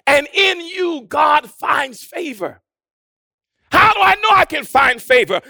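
A preacher delivers a sermon in a very high, bright voice with a gravelly edge. His pitch swings widely as he builds to shouted, repeated lines and then falls to near-whispers. The sound is dry and close. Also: dry recording. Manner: rhythmic preaching with shouted build-ups and hushed drops.

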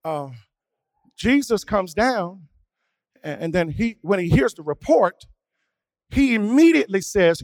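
A male preacher who swings from hushed, quiet asides to sung, shouted preaching. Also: high-pitched, very animated, measured pace, gravelly, long pauses, no echo. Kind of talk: sermon.

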